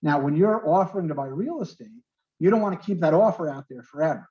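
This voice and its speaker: A man with a New York accent leads a real estate lesson and walks his students through terms with simple everyday examples, checking in with them as he goes. His voice sits a little high, and the recording sounds muffled and lo-fi. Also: animated, fast talker, warm tone. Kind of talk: online class lecture.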